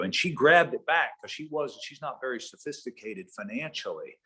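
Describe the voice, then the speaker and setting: Male webinar speaker, husky, folksy lecture with tag questions. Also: mid-range voice, lively intonation, moderate pace, hardly any pauses, sharp tone. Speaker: leadership trainer, webinar speaker. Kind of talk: conversational lecture with storytelling.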